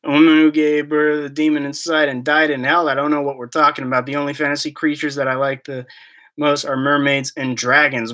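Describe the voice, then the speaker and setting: A man's voice: on the high side, level tone, brisk, fairly bright tone. A man hosting a casual live-stream Q&A, rambling and joking as he reads out and answers chat questions. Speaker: YouTube collector channel host.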